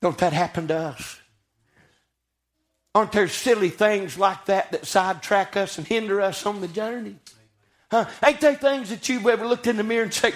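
A man's voice: high-pitched, moderate pace. A man preaching a sermon, telling scripture stories in a folksy, dramatic way. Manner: folksy, dramatic storytelling with acted quotes.

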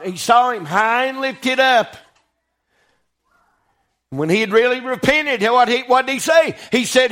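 High-pitched male preacher, call-and-response sermon delivery, builds to emphatic peaks. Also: fairly bright tone. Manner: call-and-response preaching, frequent "Right?" and "Amen"; rising to emphatic peaks, slowing on scripture.

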